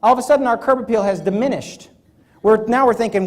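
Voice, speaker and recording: Fast and high-pitched, a man delivers a motivational talk on stage to a live crowd. He's animated, playing out little scenes along the way.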